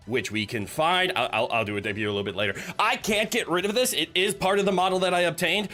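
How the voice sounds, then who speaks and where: A male streamer who jokes with his chat, giggling and openly nervous. His voice sits fairly high and swings widely in pitch, with a bright, sharp edge to it. Faint music plays behind him. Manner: chatty, joking, talks to chat. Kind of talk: casual live-stream chat.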